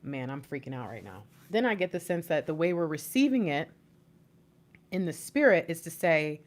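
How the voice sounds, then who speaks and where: A young woman giving a live intuitive tarot reading into a plugged-in microphone, excitable and often repeating herself. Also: low voice, moderate pace. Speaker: tarot reader.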